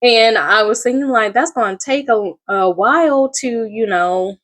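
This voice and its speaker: A woman's voice: a little high, unhurried, fairly bright tone. Chatty rambling woman vlogger. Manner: rambling and chatty, with many fillers and asides. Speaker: small craft business owner. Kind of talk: casual personal vlog storytelling.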